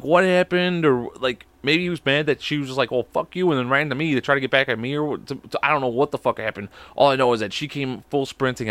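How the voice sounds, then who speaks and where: A young man with a Chicago accent rambles through a story on his podcast, cursing freely and breaking into laughs. His voice sits in a middle pitch, recorded close and dry with no room sound. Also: a bit bright, no echo. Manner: profane, rambling, laughing often. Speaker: podcast co-host. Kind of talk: casual storytelling.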